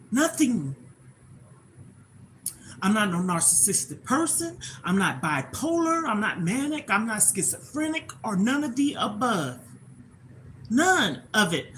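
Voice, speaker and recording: A woman's voice: fairly high pitch, a little hiss or hum, rough recording. A middle-aged woman hosting a personal livestream, talking in an emotional, repetitive, plainspoken rant. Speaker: livestream host.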